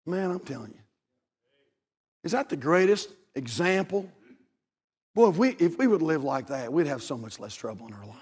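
A man preaching as a pastor, impassioned and repeating his phrases, rising to shouts at the high points. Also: very animated, moderate pace, long pauses, slightly rough. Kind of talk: sermon. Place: church sanctuary. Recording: long reverb of a church hall.

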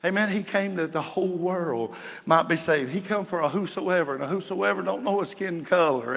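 A man preaching a sermon as pastor, folksy and building to shouts. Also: sits high, moderate pace, vocal fry, in a large hall. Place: church sanctuary.

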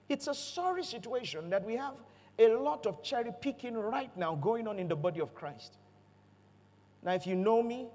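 High-voiced pastor preaching in a hall. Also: male voice. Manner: animated, playful storytelling with jokes and call-outs to the congregation. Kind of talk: sermon. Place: church auditorium.

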